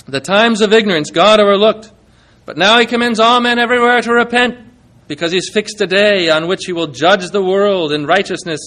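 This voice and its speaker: A man's voice: high voice, fairly bright tone. A male pastor preaching a sermon, reading scripture aloud and putting questions to his congregation, with dramatic rises and drops in his delivery.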